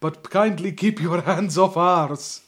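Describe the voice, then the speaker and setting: A man doing a stern Russian head of state in an exaggerated mock-Russian accent, with a grandiose, formal delivery. The voice sits a little high and carries a barely held-back laugh, the way a comic reading of a thriller sounds. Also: slow, a bit bright. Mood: pompous. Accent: put-on Russian.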